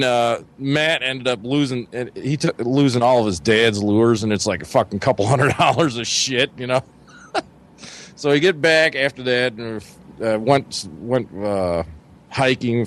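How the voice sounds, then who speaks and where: A man telling a long camping story in a casual, profane, rambling way, often acting out his friends' voices. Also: mid-range voice. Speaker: podcast co-host.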